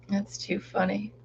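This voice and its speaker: A middle-aged woman with a creaky, mid-range voice chats on a live stream while crafting, laughing often, rambling about her day and softly singing along. The audio is dull, with a little hiss or hum.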